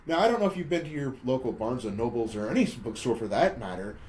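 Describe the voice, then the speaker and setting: In a sing-song, medium-pitched voice with a darkish tone, a male podcast co-host quickly recaps a movie. He narrates the plot casually with mocking, wry commentary, often stumbling and repeating words. The recording is poor, with slight background noise.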